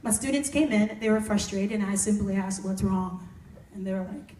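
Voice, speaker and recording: A woman who works as a music therapist, speaking softly and casually to campers between songs. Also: mid-range voice, moderate pace, hardly any pauses, a little hiss or hum. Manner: soft-spoken, conversational, with y'all. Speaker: singer-songwriter and music therapist. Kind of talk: casual talk to campers and live singing. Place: camp room, live performance. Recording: roomy, distant mic, with loud guitar. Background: guitar playing.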